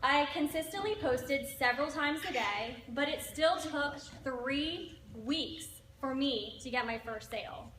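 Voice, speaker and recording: A high-voiced young woman in her twenties tells her own story in an earnest, steady way. The recording is roomy and echoey, with noticeable noise behind her. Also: unhurried, few pauses, recorded from a distance. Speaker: direct sales team member. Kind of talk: personal success story. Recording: echoey room with background noise.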